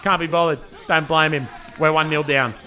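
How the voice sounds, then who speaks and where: Excitable Australian man commentating football. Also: on the high side, normal speed, a faint crowd. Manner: laid-back banter, says "man" a lot, excitable on attacks. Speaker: club owner commentating his team's match video. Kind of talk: casual play-by-play commentary.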